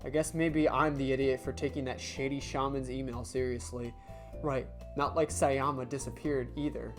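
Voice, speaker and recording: A woman voicing a weary, gruff male film director in a story game, grumbling in a low voice. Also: steady tone, moderate pace, faint music behind.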